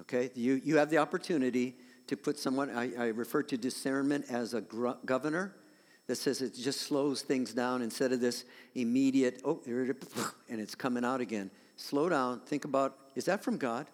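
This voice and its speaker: A male pastor giving a sermon in a conversational way, his voice growing louder for emphasis. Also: medium pitch, fairly even intonation, moderate pace, big-room sound.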